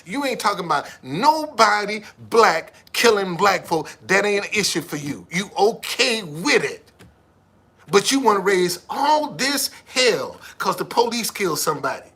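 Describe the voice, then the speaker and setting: A man's voice: high voice, bright, forceful tone. A man in his seventies with a missing tooth, ranting emphatically and swearing often on a live stream. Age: 70s. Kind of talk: profane motivational rant.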